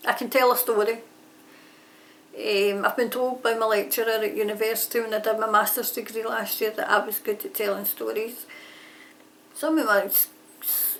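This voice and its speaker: A woman chatting casually about her writing, rambling and often correcting herself mid-sentence. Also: on the high side. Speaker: aspiring author answering a tag. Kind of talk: casual chat. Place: home near a railway line. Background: trains passing.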